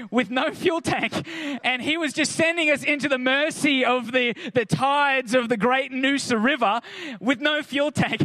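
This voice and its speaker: A man's voice: very high voice, pushed and bright. A man speaking to an audience, telling a personal anecdote in a chatty way, full of "like" and "kinda" and acted-out quotes. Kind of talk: anecdotal storytelling to a crowd.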